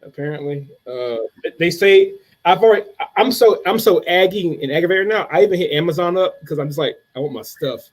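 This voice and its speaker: High-voiced chatty man. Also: lively intonation, fairly quick, hardly any pauses. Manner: chatty storyteller, acts out quoted lines. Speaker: podcast co-host. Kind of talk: casual group chat.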